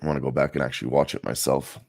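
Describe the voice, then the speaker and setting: A man co-hosting a live sports betting stream, low-key and laid-back, swearing casually. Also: fairly even intonation, racing, gravelly, a little mellow, no echo, clean studio sound.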